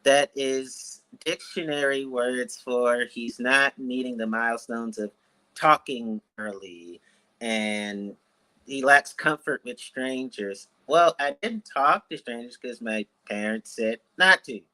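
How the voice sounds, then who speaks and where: A man of about thirty from Washington, D.C., telling his life story as an author guest in an interview, in a deliberate, measured and articulate way. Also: medium pitch, sharp tone, low-quality recording.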